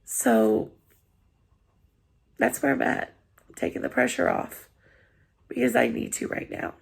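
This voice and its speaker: A woman's voice: fairly high pitch, sing-song, measured pace, creaky, breathy edge. A woman vlogger, tearful after crying, talking earnestly and apologetically to her viewers, encouraging them. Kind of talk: heartfelt personal vlog talk.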